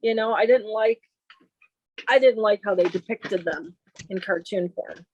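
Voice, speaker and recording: A woman's voice: medium pitch, unhurried, highs cut off, slight background noise. A woman who is a guest on a casual chat show, chatty and opinionated.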